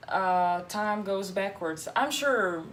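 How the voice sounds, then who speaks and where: A woman's voice: mid-range voice, expressive, takes it slowly, a little hiss or hum. A woman English teacher, chatting casually, laughing often and using many fillers. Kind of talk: casual chat.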